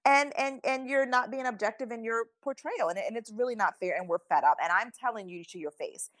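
A woman's voice: a little high, fairly quick, fairly bright tone, dry recording. A woman from the United States talking in a casual chat, emphatic and indignant, repeating herself for effect. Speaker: commentator.

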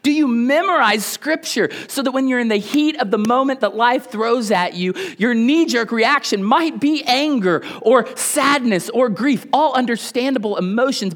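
A man's voice: extremely high pitch, fairly bright tone. A male pastor preaching a sermon, calling out to the congregation and dropping to a near whisper on key phrases.

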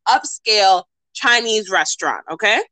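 A woman co-hosting a podcast, telling a story in casual chat, animated and profane, acting out the people she quotes. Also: mid-range voice, moderate pace, no room sound, low-quality recording. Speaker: podcast co-host.

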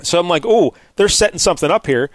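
A man's voice: high voice, animated, quick pace, no echo. Chatty man with a dry close sound. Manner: chatty, joking, asks co-hosts questions. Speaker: podcast host. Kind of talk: casual chat recapping a comic.

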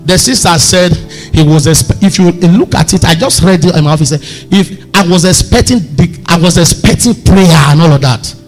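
A man preaching a sermon, telling stories with lively swings and sudden shouts. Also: a little high, moderate pace, faint music behind. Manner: animated, storytelling, bursts into shouts. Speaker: pastor.

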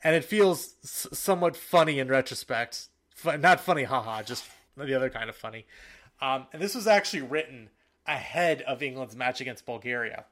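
A man co-hosting a soccer podcast in casual talk, animated and fired up, with frequent fillers and restarts. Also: mid-range voice, normal speed. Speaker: podcast co-host.

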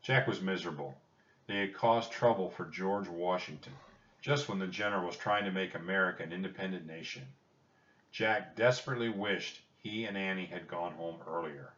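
Deep-voiced man narrating a storybook. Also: moderate pace, a bit bright, distant mic, dull audio.

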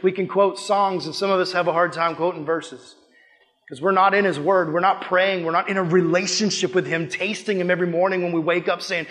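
A man's voice: high-pitched, steady tone, fairly quick, fairly bright tone, in a large hall. A young man preaching a sermon, impassioned and conversational, acting out little quoted asides as he goes. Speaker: youth pastor.

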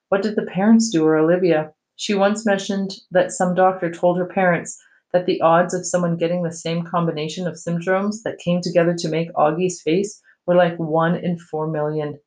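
A reader narrating a novel aloud for a class, in a plain, even storytelling manner. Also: medium pitch, poor audio. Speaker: teacher reading aloud.

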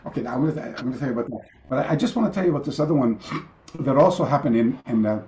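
A man's voice: mid-range voice, animated, racing, mellow, echoey room. A man, a karate master and podcast guest, telling anecdotes in a rambling way, often stopping and restarting. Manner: rambling, self-interrupting, many fillers and restarts. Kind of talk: anecdotal storytelling in a remote interview. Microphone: video call.

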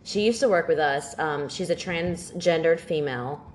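A woman with a somewhat low voice chats casually as a podcast co-host. She tells long stories with energy and lively quoted lines, and swears freely as she goes. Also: moderate pace. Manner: animated storytelling, swears freely. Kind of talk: casual chat.

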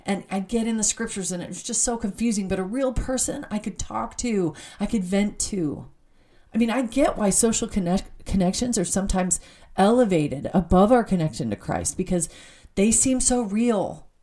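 A woman's voice: mid-range voice, lively intonation, moderate pace, mellow. A middle-aged woman giving an earnest, heartfelt personal faith talk, often stopping to correct herself.

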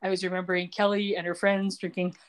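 A woman's voice: lowish voice, flat delivery, fast talker, smooth. A woman co-hosting a podcast, casually recapping a TV episode in a loose, chatty way with lots of fillers and asides. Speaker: podcast co-host.

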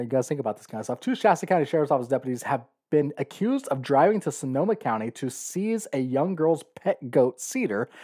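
This California podcast host has a medium-pitched, slightly mellow voice. He delivers blunt, sarcastic opinions in a relaxed monologue, laughing as he reads.

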